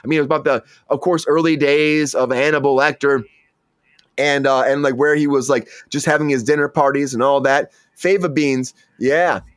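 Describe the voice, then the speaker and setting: A man's voice: mid-range voice, fairly even intonation, moderate pace, clear, resonant tone, no room sound, clean studio sound. A man hosting a casual entertainment news chat, rambling and stammering with frequent restarts. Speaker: show host.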